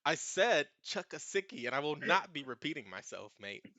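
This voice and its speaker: A man's voice: a little high, big pitch swings, moderate pace, pushed and bright, pitched above the performer's own voice, full character voice. Man doing a grumbling student with an Australian accent. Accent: put-on Australian. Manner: grumbling, begrudging. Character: grumpy young male student who hides away.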